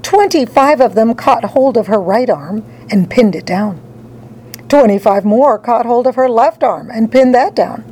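A woman narrating a children's story in an expressive read-aloud style. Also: a little high, husky, poor audio. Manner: animated, dramatic storytelling.

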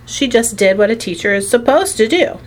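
A woman reading a children's storybook aloud in an expressive storytelling way. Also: fairly high pitch, a little fast, a little hiss or hum. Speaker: narrator. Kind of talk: audiobook narration.

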